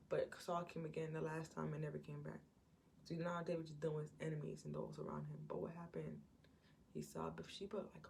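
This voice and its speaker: A woman's voice: lowish voice, level tone, a little fast, creaky, dark tone, slight background noise. A woman giving an informal Bible teaching in a conversational way, retelling scripture stories and acting out what the people in them say. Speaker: Christian preacher.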